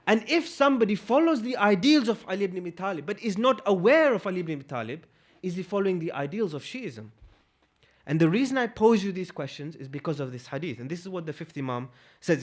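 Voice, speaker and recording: A man giving a religious lecture, posing rhetorical questions with emphasis. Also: high voice.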